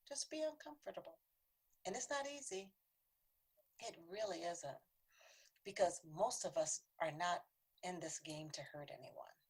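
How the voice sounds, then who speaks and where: A woman's voice: fairly low pitch, husky. A woman giving an earnest, conversational training talk to a city council, sometimes dropping to a whisper for emphasis. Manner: earnest, conversational, acts out quoted voices, drops to a whisper for emphasis. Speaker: workshop presenter.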